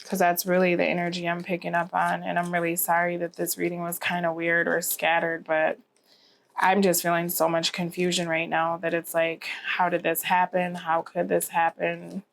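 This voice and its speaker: A woman's voice: lowish voice, completely flat delivery, normal speed, vocal fry, slight background noise. A tired, yawning woman giving a rambling tarot reading to camera, often asking "okay?". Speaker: tarot reader.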